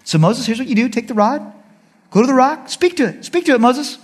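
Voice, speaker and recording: Husky male pastor, animated sermon delivery, reverberant church. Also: extremely high pitch, a little fast. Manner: animated preaching, voices the people and God.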